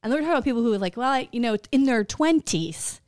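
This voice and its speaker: Woman cohosting a podcast, kinda high voice, swoops around a lot, dry close sound, swears a bunch. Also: quick pace, no echo. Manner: animated, swearing, laughing often. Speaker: podcast co-host. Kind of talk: casual chat.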